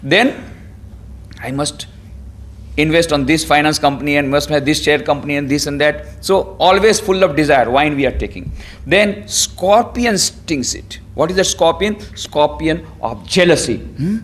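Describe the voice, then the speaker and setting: A man delivers a spiritual lecture as a monk, his voice sitting a little high for a man. He talks expressively, slipping into quoted voices and chuckling at his own jokes. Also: measured pace.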